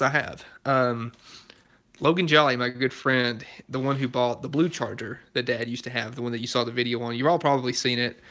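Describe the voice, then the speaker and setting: A man's voice: mid-range voice, bright, forceful tone. A young man hosting his own car channel, chatting casually with viewers, easygoing and laughing often. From Alabama, US. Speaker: YouTube car channel host. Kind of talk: casual chat answering live viewer comments.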